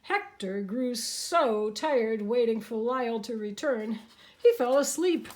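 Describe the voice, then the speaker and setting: A woman narrating a picture book aloud with an expressive, animated delivery. Her voice sits fairly high and swings widely through each line, and she takes her time. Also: slow. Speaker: storybook narrator.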